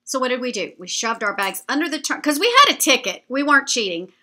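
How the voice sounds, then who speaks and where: Woman, vlogger, animated storytelling, bright tone. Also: sits high, fast talker. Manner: chatty, animated, addresses viewers directly. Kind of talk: storytelling travel anecdote to camera.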